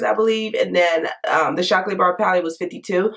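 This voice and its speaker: A hoarse, congested woman, chatting frankly to camera in a casual makeup review. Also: mid-range voice, moderate pace, hardly any pauses. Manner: chatty, frank, lively asides. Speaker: beauty vlogger.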